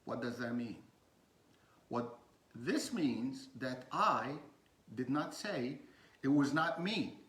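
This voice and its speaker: Slow, halting man teaching in an echoey room. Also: mid-range voice, animated, fairly bright tone. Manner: slow, with many pauses and fillers. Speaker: communication coach. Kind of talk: informal teaching talk.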